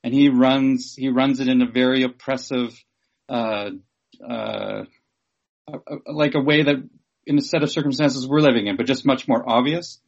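A man asking questions in a conversational interview, speaking haltingly with many restarts and fillers. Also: medium pitch, steady tone, vocal fry, dull audio.

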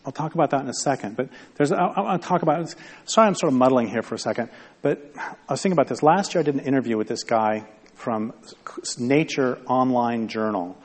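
A man's voice: medium pitch, a little fast, a little mellow. A man giving a conversational public talk to an audience, rambling and wry, often interrupting himself. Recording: long hall reverb.

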